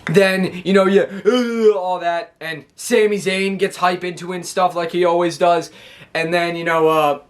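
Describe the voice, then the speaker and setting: A man's voice: high-pitched, fairly even intonation, unhurried. A man casually recapping a wrestling show, rambling with lots of fillers and restarts.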